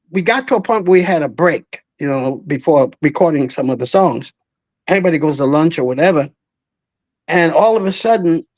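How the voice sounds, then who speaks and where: This is an animated storyteller in his 80s, a veteran singer guesting on an interview, whose voice runs on the high side with no room sound. He acts out voices as he recounts his tales and laughs a lot.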